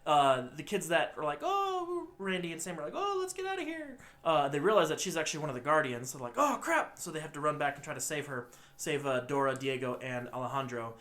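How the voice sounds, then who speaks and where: A young man co-hosting a podcast, retelling a film's plot in a rambling, animated way and acting out the characters' lines. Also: a little high, fast talker. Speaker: podcast co-host. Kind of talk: casual movie recap.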